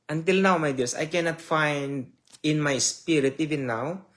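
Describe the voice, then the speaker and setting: A man preaching a sermon slowly and emotionally, reading scripture loudly and then dropping to soft asides. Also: on the high side. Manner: slow, emotional preaching with swells and drops in loudness. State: tearful.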